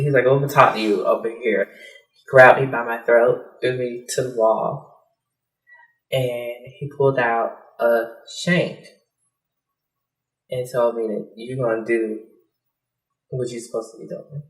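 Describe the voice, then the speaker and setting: A woman giving personal testimony in a soft, hesitant way, with many fillers, acting out the lines of others as she recounts. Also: a bass voice. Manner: acts out quoted dialogue. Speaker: interviewee. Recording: roomy, mic at a distance.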